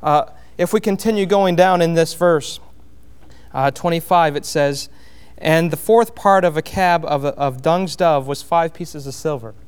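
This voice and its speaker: A man preaching a sermon, explaining a Bible passage verse by verse in a plainspoken way, with frequent pauses and restarts. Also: on the high side, clean tone. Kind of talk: sermon, expository Bible teaching.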